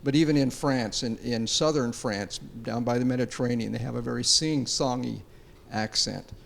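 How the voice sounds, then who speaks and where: A man from Utah on a panel, explaining in a measured, conversational way. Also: medium pitch, creaky, a little hiss or hum.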